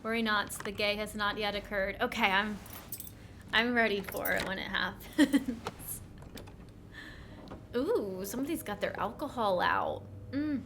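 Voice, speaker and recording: A woman's voice: mid-range voice, a little slow, long pauses, fairly bright tone, a little hiss or hum. A woman streaming a game, reading its text aloud with wry asides and the occasional whisper.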